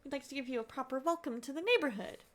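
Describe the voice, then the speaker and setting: A woman's voice: high voice, fast talker, lightly acted. A woman voicing a polite, anxious young man who speaks courteously and earnestly, reading game dialogue aloud. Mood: earnest, pleading.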